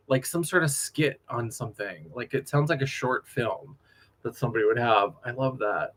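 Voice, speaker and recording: A man, a drag performer, chatting casually on a late-night livestream, animated, laughing often and drifting from story to story. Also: medium pitch, moderate pace.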